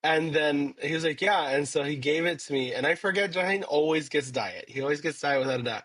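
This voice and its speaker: A man co-hosting a podcast, slightly hoarse, telling rambling stories in casual chat with lots of fillers. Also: fairly high pitch, a little fast, a bit bright, no room sound. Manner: laid-back, rambling storytelling with many fillers. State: a little hoarse. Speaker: podcast co-host.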